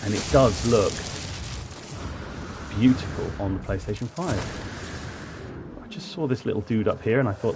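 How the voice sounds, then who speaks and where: A man from Plymouth in southwest England chats casually while live-streaming a game, rambling and greeting viewers in the chat. His voice is fairly low and moderately paced, with frequent pauses and some background noise.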